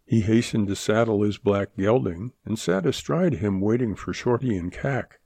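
A man narrating a western audiobook in a measured, plain storytelling delivery. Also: fairly low pitch, creaky, dark tone, no echo, studio quality. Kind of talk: scripted narration.

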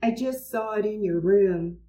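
Apologetic mother, voiced by a woman reader, soft and mellow, roomy distant mic. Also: medium pitch, unhurried, slight background noise, close to an everyday voice.

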